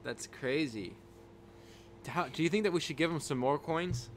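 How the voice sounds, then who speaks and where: Rambling dad hosting a home livestream. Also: male voice, on the high side, moderate pace, a little hiss or hum. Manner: rambling, with many restarts and fillers; thanks viewers by name as he talks. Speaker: livestream host. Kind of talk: casual live-stream chat. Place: room at home. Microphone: desk microphone with a level meter.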